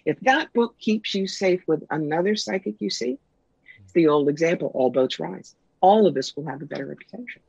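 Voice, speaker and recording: A middle-aged woman, a guest psychic and author, telling stories in a brisk, wry, punchy way in a casual interview. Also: on the low side, lively intonation, vocal fry, darkish tone, slightly rough, no room sound. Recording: dull lo-fi sound, dry.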